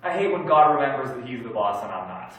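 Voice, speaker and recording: Joking pastor in an echoey sanctuary. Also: male voice, medium pitch, fast talker. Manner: candid, joking, self-deprecating; animated, swings between loud and quiet. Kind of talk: sermon. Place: large church sanctuary. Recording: echoey church hall from far off.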